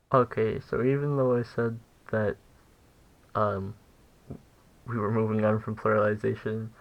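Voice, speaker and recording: A young man giving a casual language lesson, halting and full of fillers as he corrects himself. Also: medium pitch, poor audio. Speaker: language teacher.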